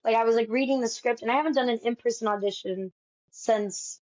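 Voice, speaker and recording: Young woman telling a lively story. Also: fairly high pitch, fairly quick, muffled recording. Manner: lively storyteller, acts out quoted dialogue. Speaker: guest, stage actress. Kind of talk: storytelling in a casual interview.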